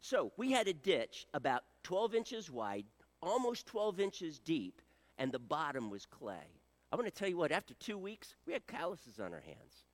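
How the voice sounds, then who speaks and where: A middle-aged man telling a story in a sermon, folksy and joking. His voice is high and very lively, swooping up and down as he teases the congregation. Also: moderate pace.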